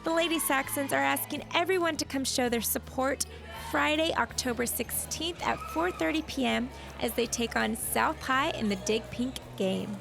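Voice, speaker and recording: Female reporter, high gravelly voice, scripted news read over music. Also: normal speed. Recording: music bed underneath.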